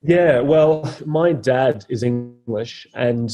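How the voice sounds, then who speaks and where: A man's voice: medium pitch, slow pace, music in the background. A man, a comedian guest on a podcast, speaking bluntly and opinionatedly and swearing freely in casual conversation.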